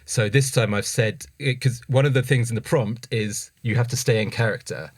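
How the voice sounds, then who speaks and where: A man hosting a podcast, explaining the game in brisk casual chat. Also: mid-range voice, dry recording. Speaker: podcast host.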